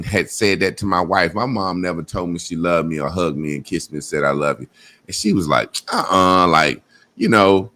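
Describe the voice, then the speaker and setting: Low voiced guy hosting a podcast, rambly and candid, keeps asking you know what im saying. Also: bright, forceful tone. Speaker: podcast host. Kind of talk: casual chat.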